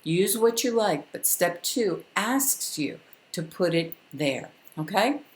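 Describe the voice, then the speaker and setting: A calm older woman teaches parents in a firm, instructive way, spacing her points with deliberate pauses. Her voice sits a little low, and the room around her sounds echoey. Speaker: parenting educator. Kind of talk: direct-to-camera parenting lesson.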